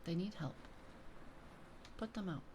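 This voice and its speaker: A young woman streaming and chatting casually as a VTuber, excitable and rambling, often giggling. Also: lowish voice, measured pace, a little hiss or hum.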